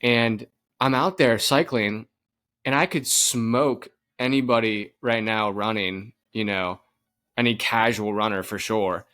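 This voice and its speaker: Lowish-voiced man, animated podcast chatter. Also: measured pace. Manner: animated storytelling, frequent laughs and restarts. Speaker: podcast co-host. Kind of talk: casual chat.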